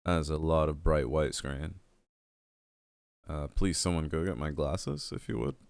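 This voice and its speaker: A man casually commenting while he plays a video game and chats with his viewers, a bit stuffy-nosed, with sudden loud excited outbursts. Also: a bass voice, measured pace, gravelly, no echo. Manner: chatty, talks to chat, loud excited outbursts. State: stuffy nose. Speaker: game streamer. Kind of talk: casual let's-play commentary.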